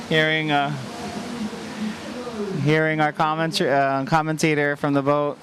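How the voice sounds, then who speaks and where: A man giving live sports commentary as race results come in. He announces each finisher with excitement and calls out to the audience. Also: on the high side, slow pace, pauses often, a little hiss or hum. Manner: excited, announcing, repeats "ladies and gentlemen". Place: outdoor race finish area. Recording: outdoor event with crowd behind.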